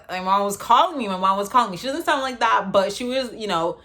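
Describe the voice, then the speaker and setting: A woman's voice: mid-range voice, fast talker, bright, forceful tone. A woman in her thirties from Canada, chatting animatedly as she tells a storytime vlog. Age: 30s. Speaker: vlogger.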